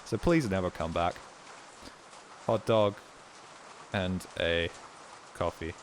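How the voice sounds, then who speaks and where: A man's voice: sits low, takes it slowly, slight background noise. A man streaming a game, rambling with crude, self-mocking jokes in casual commentary.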